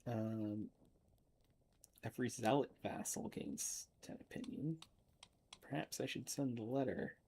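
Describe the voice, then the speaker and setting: A man's voice: mid-range voice, unhurried, creaky, long pauses, mellow, a little hiss or hum, poor audio. A man casually commenting on his strategy game, muttering the text on screen half to himself and breaking into baffled outbursts. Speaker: gameplay streamer. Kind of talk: casual let's-play commentary.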